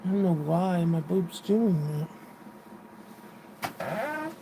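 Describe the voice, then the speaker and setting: A woman's voice: lowish voice, very animated, very slow, noisy background. A woman livestreaming in casual chat, frustrated and venting, swearing now and then. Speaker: livestream host.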